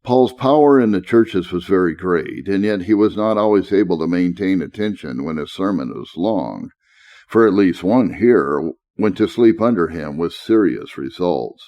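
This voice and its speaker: A man reads a classic lecture on preaching from a script in a measured way, slowing deliberately to stress key phrases. His voice sits low yet animated, and the audio sounds dull.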